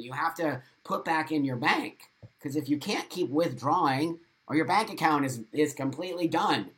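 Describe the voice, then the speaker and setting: A middle-aged livestream host with a slightly high, somewhat bright voice reads out viewer comments. His advice is blunt and motivational, heavy on repetition, with an occasional swear word.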